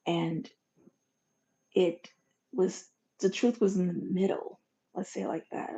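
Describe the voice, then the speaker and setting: A woman hosting a motivational monologue in a folksy, animated way, swinging from loud bursts to soft whispers. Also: fairly low pitch, takes it slowly, pauses often. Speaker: podcast host. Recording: dull lo-fi recording.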